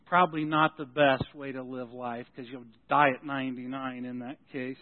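A man's voice: mid-range voice, level tone, normal speed, hardly any pauses. A man preaching a sermon as pastor of his church, folksy and joking, often restarting his sentences. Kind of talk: sermon with announcements. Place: church sanctuary. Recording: tinny phone-like sound in a reverberant hall.

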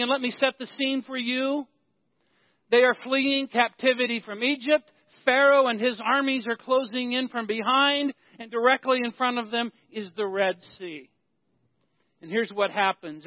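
A man's voice: extremely high pitch, no room sound. A man preaching a sermon as pastor, telling stories and building emphasis through repetition. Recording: tinny phone-like, dry sound.

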